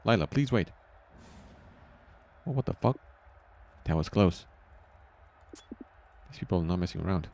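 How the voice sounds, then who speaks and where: A man's voice: low-pitched, lively intonation, a little mellow. A man voicing a nervous, peaceful male hero who keeps asking anxious questions. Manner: anxious questions, quick when flustered.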